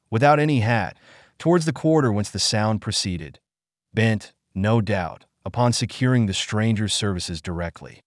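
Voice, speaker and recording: This low-pitched man, working as an audiobook narrator, tells a classic novel at an even, measured pace. It's a studio-quality recording with no audible room sound.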